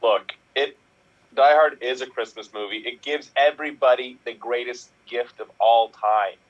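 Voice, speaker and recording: A man's voice: mid-range voice, normal speed. A male panelist cracks self-mocking jokes in a medium voice. The audio is muffled and lo-fi. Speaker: improv panelist. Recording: dull lo-fi audio.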